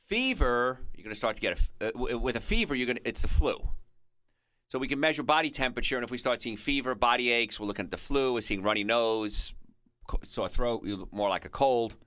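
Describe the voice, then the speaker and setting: A man's voice: mid-range voice, animated, brisk, a bit bright, no echo. A man hosting a radio health show, explaining in a chatty way and drifting into stories and asides, recorded on a studio microphone. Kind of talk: conversational radio health talk.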